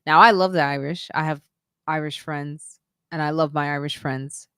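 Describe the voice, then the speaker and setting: A woman's voice: low voice, fairly even intonation, normal speed, fairly bright tone, clear, resonant tone, no echo, studio quality. A woman hosting a live-stream podcast, chatting casually and joking, laughing often. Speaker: podcast host.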